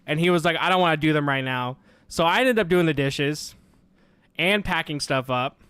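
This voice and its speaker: A young man telling a long story in casual, exasperated rant style, quoting himself and his roommate in quick back-and-forth. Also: fairly high pitch, a bit bright, smooth, no echo.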